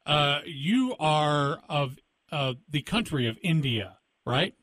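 A man hosting a radio show with a slightly high voice. The sound is close and dry, with no room around it. He talks casually and jokes as he asks his guest questions. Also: expressive, slow, a bit bright, no room sound. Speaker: radio host.

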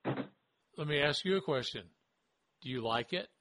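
A man's voice: a little high, lively intonation, unhurried, a bit bright, slight background noise. A man hosting a wrestling podcast, talking in a casual, joking way and stammering now and then. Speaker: podcast host. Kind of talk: casual chat.

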